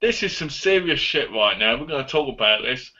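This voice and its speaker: A man, a guest on a live online chat, rambling excitedly about movies. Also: medium pitch, brisk, highs cut off.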